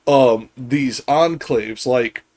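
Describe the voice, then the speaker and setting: A man's voice: medium pitch, extremely slow, a little mellow. A man hosting a casual discussion, talking bluntly with swearing and restarts.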